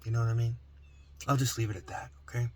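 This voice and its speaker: A man's voice: medium pitch, level tone, quick pace. A young man doing a casual, rambling food review vlog, jumping between offbeat topics. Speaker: food vlogger.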